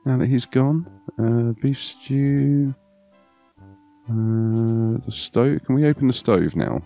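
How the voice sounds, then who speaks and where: A man's voice: medium pitch, slow, creaky, dark tone, soft background music. A man hosting a let's play, chatting playfully and thinking aloud as he goes. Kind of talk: casual gameplay commentary.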